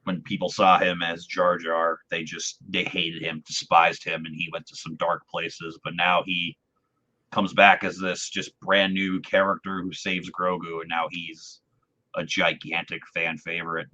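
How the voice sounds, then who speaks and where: A man's voice: low voice, flat delivery, unhurried, sharp tone. A man hosting a podcast, chatting casually and enthusiastically as a fan. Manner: enthusiastic, talkative. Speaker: podcast host. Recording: dull lo-fi audio.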